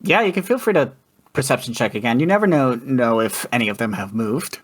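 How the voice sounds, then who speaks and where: Lively relaxed man running a tabletop game. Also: medium pitch, a little fast, breathy edge. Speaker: dungeon master.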